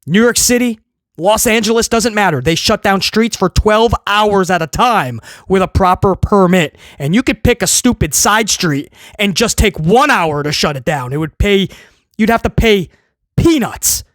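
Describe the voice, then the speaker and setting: A man's voice: high-pitched, animated, moderate pace, a bit bright, no room sound, clean studio sound. A man hosting a casual video review, ranting in a sarcastic, exasperated way and rambling with many restarts. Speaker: wrestling show reviewer, host.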